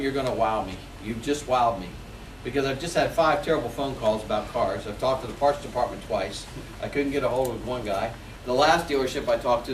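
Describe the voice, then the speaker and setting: A man's voice: mid-range voice, background noise. A man in his forties, a sales trainer, leading a seminar and acting out customer phone calls with lots of energy. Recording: echoey room, mic from a distance.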